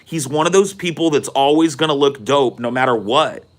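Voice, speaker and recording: A man's voice: mid-range voice, moderate pace. A man hosting a podcast, telling a rambling, profane story in casual chat. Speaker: podcast host.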